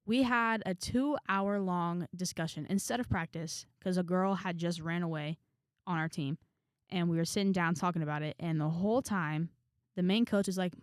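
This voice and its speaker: A woman's voice: on the low side, moderate pace, smooth, no echo, studio quality. A young woman vlogger telling a story in a frank, chatty way, with sighs and trailing asides. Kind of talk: casual storytelling to camera.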